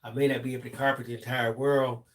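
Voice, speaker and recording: Man, middle-aged, live-stream co-host, reads chat aloud, easygoing, reflective, mid pitch. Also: level tone, fast talker.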